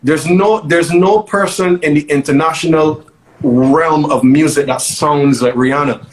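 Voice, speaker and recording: A man's voice: on the high side, measured pace, low-quality recording. A man, a guest DJ telling stories in a casual interview with emphatic repeats. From Barbados. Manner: animated storytelling, emphatic repeats.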